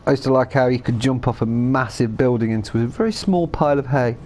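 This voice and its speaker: A man's voice: medium pitch, fast talker, darkish tone, a little hiss or hum. Sweary man streaming a shooter game. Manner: sweary, joking, mutters while playing; talking with a cigar in his mouth. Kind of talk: casual live-stream commentary.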